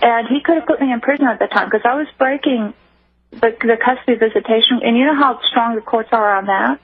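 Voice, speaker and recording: A woman guest on a radio call-in show, recounting her own story in an earnest, halting way with many restarts. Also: a little high, slightly rough, no echo. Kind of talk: personal account on a call-in show. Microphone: telephone. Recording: muffled phone line.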